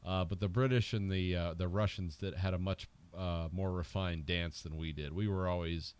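A man's voice: low voice, steady tone, normal speed, a little mellow, smooth. A man co-hosting a podcast, chatting casually about a film in a rambling, joking way with lots of fillers. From United States. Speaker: podcast co-host.

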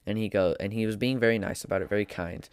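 A man's voice: fairly low pitch, steady tone, quick pace, clean tone, no echo. A man delivering an opinion monologue as a podcast host, emphatic and preachy, hammering points through repetition.

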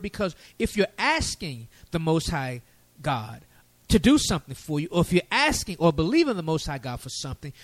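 A man preaching a sermon, lively and folksy with casual asides. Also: fairly high pitch, no room sound.

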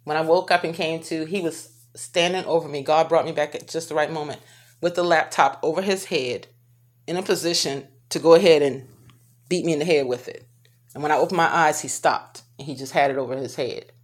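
A woman telling a painful personal story to her viewers, speaking haltingly with many restarts and pauses. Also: sits low, fairly even intonation. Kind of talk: personal testimony to camera.

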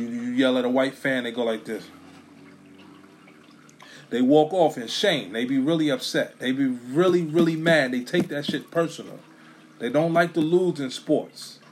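A man talking casually and profanely about sports fans, swinging between loud bursts and low mutters. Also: a little hiss or hum. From New York.

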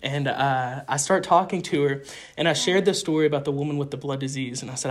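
A man's voice: on the high side, brisk. Earnest young man telling ministry stories. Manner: earnest, animated, frequent restarts. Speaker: street evangelist guest. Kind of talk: casual interview storytelling.

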